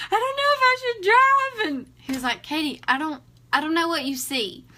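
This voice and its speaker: A young woman from South Carolina with a Southern accent, telling a story in a chatty, animated casual vlog. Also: sits high. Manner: chatty, animated, dramatic retelling. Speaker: vlogger.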